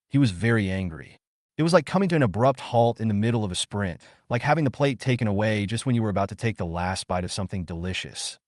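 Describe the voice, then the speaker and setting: A man narrating a comic story as a steady, scripted read. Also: fairly low pitch, fast talker, dry recording, studio quality.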